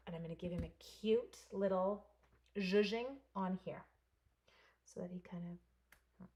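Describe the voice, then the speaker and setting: A woman's voice: medium pitch, normal speed, darkish tone. Bubbly, chatty woman demoing crafts live. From Canada. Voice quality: slightly hoarse voice. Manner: chatty, bubbly, talks to viewers by name. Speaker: stamping and card-making demonstrator. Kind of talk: live crafting demo with chat replies.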